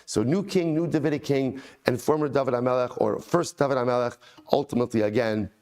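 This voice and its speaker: A rabbi teaching his daily Talmud class, his voice sitting right in the middle of the usual male pitch range. He chants each passage of the text, then switches to a relaxed, conversational English explanation. He often repeats a phrase to stress a point and builds up real excitement as he goes. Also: quick pace. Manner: enthusiastic, repeats phrases for emphasis.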